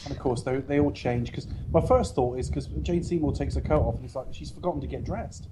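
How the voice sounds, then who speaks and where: A man's voice: mid-range voice, brisk, background noise. A man co-hosting a casual film review podcast, recapping the plot at length with dry asides. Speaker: podcast co-host.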